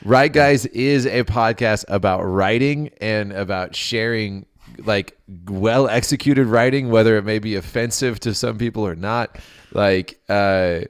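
A man's voice: on the low side, clean tone, no echo, clean studio sound. A young man co-hosting a podcast, chatting casually and then reading a story aloud with stumbles and restarts. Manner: halting, with many restarts while reading. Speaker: podcast co-host.

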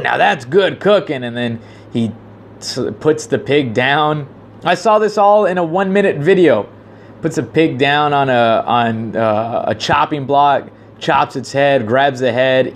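A man giving a casual commentary monologue, rambling with frequent fillers and restarts, growing animated when he retells a story. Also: medium pitch, slight background noise.

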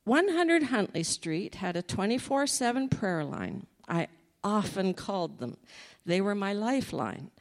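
A woman sharing a personal faith testimony in an animated storytelling manner, laughing often. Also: medium pitch, measured pace.

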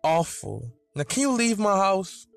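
A man voicing an annoyed, bossy teenage girl who yells a lot. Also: high voice, very animated, unhurried, creaky, dry recording, soft background music, voice pushed up, heavily acted. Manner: yelling, exasperated.

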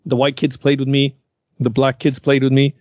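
A man's voice: medium pitch, monotone, normal speed, a little mellow, no echo, muffled recording. Older man from Canada chatting. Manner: curious, asks follow-up questions. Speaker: podcast co-host. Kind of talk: casual chat.

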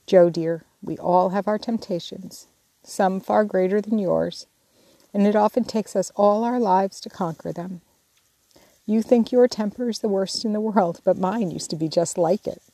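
A woman's voice: medium pitch, moderate pace, dark tone, no room sound, close to an everyday voice. A woman reading the part of a patient middle-aged mother, soothing and tender.

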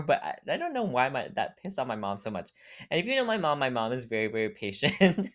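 A young adult co-host chats on a casual podcast, spinning a loose anecdote at a middle pitch. The telling wanders, packed with fillers, and breaks into laughter often. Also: big pitch swings, a little fast. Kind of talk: casual chat, storytelling.

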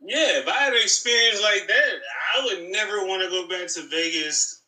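Bright easygoing man chatting. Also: sits high, moderate pace, roomy sound, rough recording. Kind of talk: casual chat.

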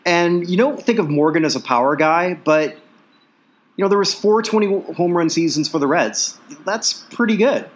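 A man's voice: on the high side, expressive, moderate pace. A man co-hosting a casual sports podcast, reeling off statistics with plenty of fillers. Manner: reels off statistics, filler-heavy. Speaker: podcast co-host.

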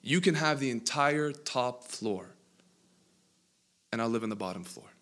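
A male preacher voicing an exhausted man who pleads with and shouts at Jesus in a parable. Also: mid-range voice, expressive, unhurried. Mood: bargaining.

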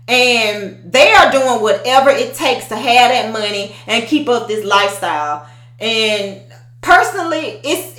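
A woman's voice: fairly high pitch, pushed and bright. A woman, ranting bluntly and profanely in a casual opinion monologue. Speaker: social media commentator. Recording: echoey room.

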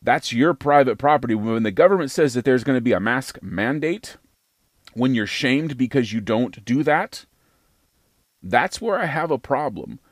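Man, American, podcast host, opinionated monologue, emphatic, repeats himself for effect, animated pitch. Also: moderate pace, no echo, clean studio sound. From United States.

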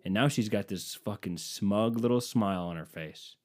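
A man's voice: on the low side, normal speed, darkish tone. Profane, rambling man telling a story. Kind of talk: casual comedic storytelling.

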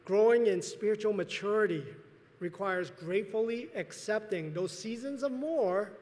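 A pastor delivers an earnest sermon in a high, light voice, pausing often and restarting phrases as he goes. His voice rings out with a long reverb that fills the church sanctuary. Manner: earnest preaching with pauses and restarts.

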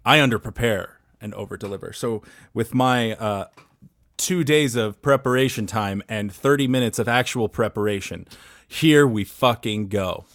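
A man pitching a game show idea on a comedy podcast, rambling and swearing playfully as he goes. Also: unhurried, no echo, clean studio sound.

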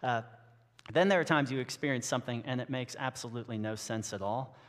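A man's voice: medium pitch, a little fast, in a large hall. A man giving a sermon as a pastor, talking in a casual, joking way with frequent restarts. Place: church sanctuary.

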